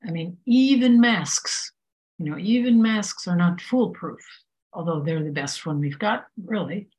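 A woman with a fairly low voice gives a reflective spiritual talk. She speaks unhurriedly, pausing often and filling gaps with soft fillers as she thinks aloud. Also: lively intonation, poor audio. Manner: unhurried, many pauses and fillers. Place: Paris.

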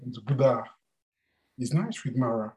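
A man telling a story to a group in a hesitant, unhurried way. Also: mid-range voice, a little mellow. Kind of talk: casual storytelling.

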